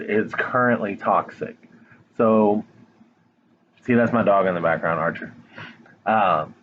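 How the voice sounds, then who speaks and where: A man's voice: fairly low pitch, dull audio, slight background noise. A man giving a casual tarot reading straight to the viewer, blunt and frank, swearing now and then. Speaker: tarot reader. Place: home, dog nearby.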